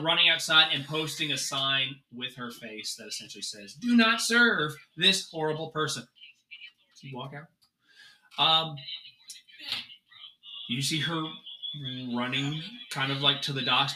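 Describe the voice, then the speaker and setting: Bright-voiced man running a tabletop game. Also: mid-range voice, normal speed, reverberant, slight background noise, poor audio. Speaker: dungeon master. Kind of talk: narrating a tabletop game over voice chat.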